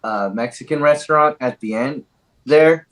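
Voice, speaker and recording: A man's voice: mid-range voice, normal speed, fairly bright tone. A man joining a podcast for casual chat, talking in a loose way and swearing casually. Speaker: podcast guest.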